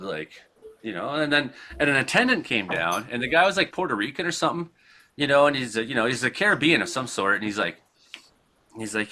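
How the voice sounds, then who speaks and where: A man from Canada, hosting a casual talk show, telling a rambling, profane story with frequent laughs and acted-out shouted quotes. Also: mid-range voice, expressive, a little fast. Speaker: podcast host.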